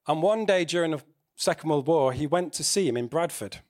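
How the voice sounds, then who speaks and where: A man's voice: fairly high pitch, lively intonation, fairly quick, darkish tone. A man preaching a sermon in a conversational way, asking the congregation questions.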